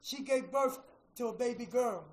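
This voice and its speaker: A middle-aged man telling his recovery story to a meeting, emotional, with a preacher-like rhythm, going from hushed to shouting and repeating "man.". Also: very high voice, moderate pace, reverberant, slight background noise, poor audio. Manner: preacher-like, repeats phrases, says "man" often. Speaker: recovery speaker at a fellowship meeting. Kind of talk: personal testimony to an audience.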